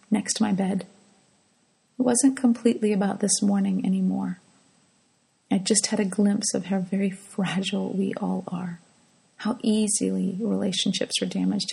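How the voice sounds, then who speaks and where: A middle-aged woman telling a personal devotional story in a soft, hushed way that often drops to a whisper. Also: mid-range voice, vocal fry, breathy edge, low-quality recording.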